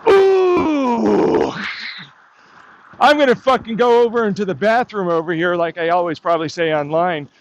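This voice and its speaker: A man's voice: high-pitched, steady tone, fast talker, few pauses, highs cut off. A man vlogging outdoors on a hike, ranting in a sarcastic, profane, mocking way as if heckling an imagined crowd. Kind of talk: rambling outdoor vlog monologue.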